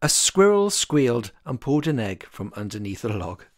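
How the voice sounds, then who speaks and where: An author reading a rhyming picture book aloud in an expressive, sing-song rhythm. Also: mid-range voice, moderate pace, dry recording, studio quality.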